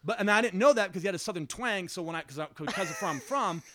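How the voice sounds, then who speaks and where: A man's voice: sits high, animated, fast, bright, forceful tone. A nineteen-year-old man from Los Angeles hosting a podcast, rambling and crude in casual banter, laughing through his sentences. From Los Angeles, USA. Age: teens. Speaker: podcast host.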